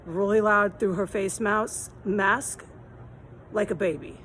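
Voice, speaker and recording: A woman's voice: mid-range voice, steady tone, slow pace, a bit bright, a little hiss or hum, low-quality recording. A woman filming herself outdoors on a city street, talking in a rambling, aggrieved, repetitive way while hot and tired. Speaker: vlogger. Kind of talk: rambling walk-and-talk vlog.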